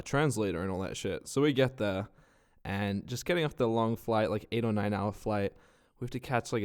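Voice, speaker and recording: A young man with an Australian accent telling rambling, swear-filled stories in a casual vlog, his nose stuffed from a cold. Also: on the low side. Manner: swears a lot, rambling and animated. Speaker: vlogger.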